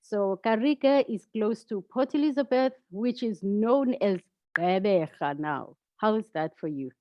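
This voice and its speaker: A woman's voice: medium pitch, expressive, a little slow, no echo, muffled recording. A woman from South Africa with a South African accent, chatting on a video call and patiently teaching how to say her name. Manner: patient, teaching pronunciation step by step. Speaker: guest, founder. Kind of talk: casual video call conversation.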